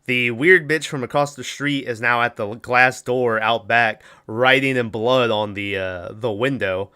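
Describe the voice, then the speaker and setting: A man's voice: medium pitch, a little slow, pushed and bright, smooth. A man hosting a podcast, recapping a movie in rambling casual chat with acted-out quotes. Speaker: podcast host.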